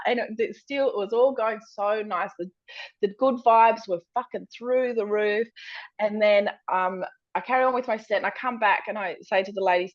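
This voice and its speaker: A woman's voice: fairly quick, no room sound. A woman, a stand-up comedian telling a story on a podcast, acting out quotes and swearing freely. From Australia. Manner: animated, acts out quotes with big pitch jumps, swears freely. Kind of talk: storytelling, casual chat. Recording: dull lo-fi sound.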